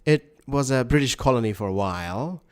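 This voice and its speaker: A man chatting casually as a podcast co-host, his voice sitting at an ordinary middle pitch. He rambles, stumbles and restarts his sentences often, laughing along as he goes. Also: lively intonation, brisk, a little mellow, clean tone. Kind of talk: casual chat.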